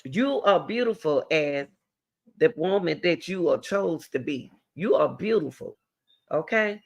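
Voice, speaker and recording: A woman's voice: on the low side, animated, measured pace, vocal fry, slightly rough. A middle-aged woman hosting a talk show, giving blunt, emphatic advice and repeating her key words. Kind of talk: direct advice talk to a caller.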